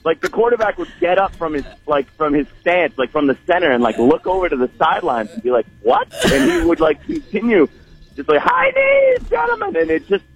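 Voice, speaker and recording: A man's voice: a little high, big pitch swings, fairly quick, breathy edge. A man calling in to a radio show from his truck, telling a story with lots of "like" and laughs, heard over a dull phone line. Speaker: caller.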